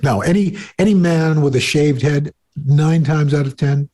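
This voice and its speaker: A man's voice: fairly high pitch, moderate pace, dark tone. A man co-hosting a casual chat show from home into a desktop microphone, rambling with fillers and restarts. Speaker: co-host. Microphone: desktop USB microphone.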